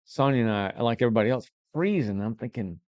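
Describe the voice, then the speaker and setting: A man's voice: mid-range voice, lively intonation, fast, a little mellow, no echo, lo-fi sound. A man hosting a live local talk show, easygoing and rambling. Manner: easygoing, rambling, restarts often. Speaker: host.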